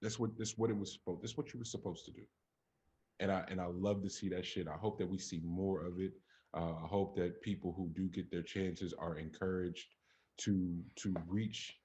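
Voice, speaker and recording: A man with a very deep voice holds forth in relaxed podcast chat. He talks with blunt conviction, lacing his points with profanity and climbing in energy when he presses an argument. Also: normal speed, muffled recording, slight background noise. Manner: emphatic, profane, builds up to animated peaks. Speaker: podcast co-host. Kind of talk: casual chat.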